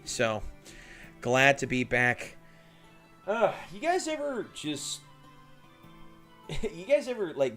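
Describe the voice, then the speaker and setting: A man's voice: mid-range voice, sharp tone, smooth. A man hosting a casual livestream from his hobby desk, chatting and laughing with viewers by name as he works. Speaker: livestream host building miniatures.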